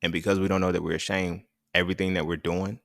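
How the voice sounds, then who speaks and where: A man's voice: deep voice, little pitch movement, quick pace, gravelly, no echo, clean studio sound. A young adult man, hosting a candid solo monologue, raw and profane, reflective and laughing often. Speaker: podcast host.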